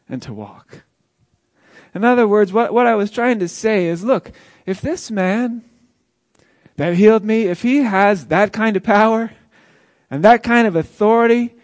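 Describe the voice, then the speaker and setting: A man's voice: high-pitched, no echo, clean studio sound. An actor playing a formerly paralyzed man who tells his own healing in an earnest first-person dramatic monologue. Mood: excited. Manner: earnest, storytelling, with chuckles.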